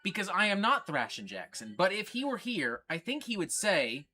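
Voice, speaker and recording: A man's voice: high voice, big pitch swings, moderate pace, few pauses, pushed and bright, slightly rough. A man hosting a casual livestream from a record store, rambling and swearing as he jokes around. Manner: rambling, profane, jokey. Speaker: livestream host.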